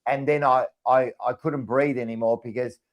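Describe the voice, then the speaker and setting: Excitable rambling Australian man. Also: medium pitch, normal speed. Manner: excitable, rambling, repeats words. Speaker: podcast co-host. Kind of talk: casual fan chat.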